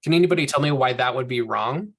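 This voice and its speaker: A Hebrew teacher leads a group language lesson, explaining patiently step by step and correcting himself along the way. His mid-range voice is a bit bright and husky, and he talks fast.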